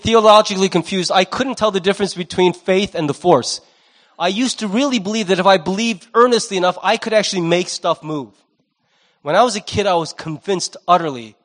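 A man in his forties preaching a sermon as pastor, animated, acting out the voices of the people he quotes. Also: high voice.

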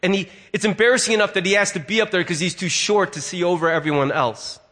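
A man's voice: sits high, fairly even intonation, fast talker, pushed and bright. A male pastor giving a sermon, telling a story and briefly voicing the people in it. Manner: storytelling, acts out voices in quotes.

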